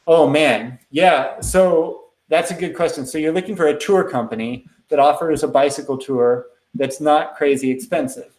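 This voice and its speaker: A man hosting a live question-and-answer stream, talking in a relaxed, rambling way with lots of ums. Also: fairly high pitch, moderate pace, few pauses, roomy sound, rough recording. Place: indoors at a computer.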